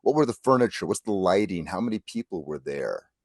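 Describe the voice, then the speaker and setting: Low-voiced man asking curious questions. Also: lively intonation, fairly quick, dry recording, studio quality. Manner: curious, asks many detailed questions. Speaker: co-host. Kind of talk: casual interview questions.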